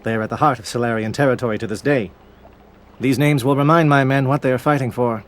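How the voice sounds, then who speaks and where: An actor playing a stern, disciplined alien military captain in a video game, speaking in formal, clipped military phrases. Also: male voice, mid-range voice, fairly even intonation, quick pace, close to an everyday voice. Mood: resolute. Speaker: commander briefing troops.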